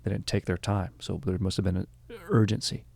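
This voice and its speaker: Rambling, gravelly podcast guy. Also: low-pitched, level tone, brisk, darkish tone. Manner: rambling, joking, self-interrupting. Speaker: podcast host. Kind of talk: casual history podcast chat.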